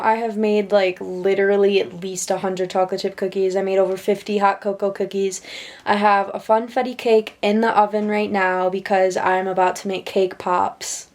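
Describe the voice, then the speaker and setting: A tired young woman chatting casually in a vlog, emotional and quick to laugh. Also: mid-range voice, a little mellow. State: tired from no sleep. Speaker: vlogger.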